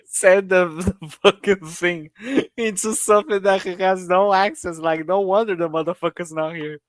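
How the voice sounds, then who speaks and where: A man's voice: sits high, steady tone, normal speed. A man co-hosting a casual podcast, teasing the others, laughing often and swearing. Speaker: podcast co-host. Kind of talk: casual chat.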